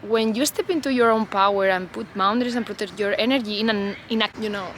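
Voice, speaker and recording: A woman's voice: mid-range voice, fast, a bit bright, a little hiss or hum, low-quality recording. A woman vlogger talking unscripted to camera outdoors, in a loose, reflective way full of "you know" and "like".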